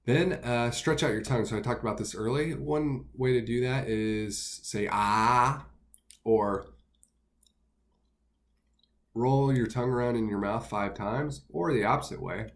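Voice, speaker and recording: A man teaching singing basics in a relaxed, step-by-step way, pausing with fillers between his explanations. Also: mid-range voice. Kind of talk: instructional talk with sung demos.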